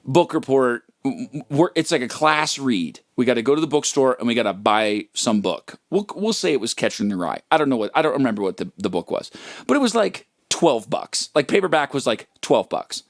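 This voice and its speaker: A man's voice: medium pitch, very animated, a little fast, dry recording, studio quality. A man hosting a livestream, telling a rambling, profane, self-mocking story in a casual comic way. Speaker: livestream host and musician.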